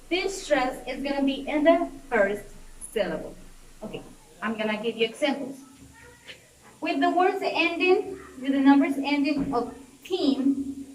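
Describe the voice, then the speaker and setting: A young woman with a Colombian Spanish accent, slowly explaining stress rules in a class presentation. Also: high-pitched. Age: young adult. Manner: slow, careful, repeats key points. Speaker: student presenter. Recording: echoey room, voice from far off.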